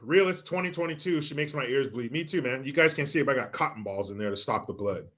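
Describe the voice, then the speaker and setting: A man's voice: medium pitch, expressive, quick pace, fairly bright tone. A man hosting a political commentary vlog, ranting in a sarcastic, profane, mocking way.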